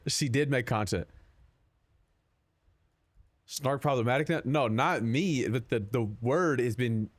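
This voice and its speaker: A man streaming a game, chatting casually with his chat in a rambling, profane, laid-back way. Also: medium pitch.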